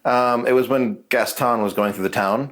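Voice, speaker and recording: A man paranormal investigator talking casually in a halting, hesitant way during a ghost hunt. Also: medium pitch, steady tone, fairly bright tone. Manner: halting, hesitant, often restarting sentences.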